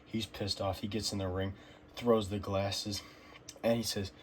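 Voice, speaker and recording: A man's voice: lowish voice, little pitch movement, unhurried, a little hiss or hum. A man casually recapping a wrestling show, rambling with fillers and giving blunt opinions.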